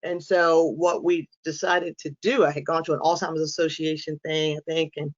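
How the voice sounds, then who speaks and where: A woman giving a frank, humorous talk to an audience, telling lively stories and acting out the lines people said. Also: low-pitched, normal speed, highs cut off. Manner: lively storyteller who acts out quoted lines. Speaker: inspirational speaker on dementia caregiving. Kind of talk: presentation to a support audience.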